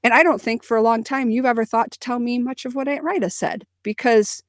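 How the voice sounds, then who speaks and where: Woman podcast host, earnest and animated, dry close mic, no room. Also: on the high side, a little fast, no echo. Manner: earnest, animated storytelling with fillers. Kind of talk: casual conversation.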